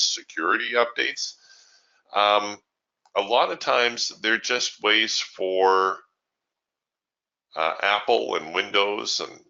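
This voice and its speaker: A man's voice: lowish voice, gravelly, sharp tone, muffled recording. A man hosting a live trading webinar, chatting casually and with strong opinions as he answers viewer questions, laughing easily.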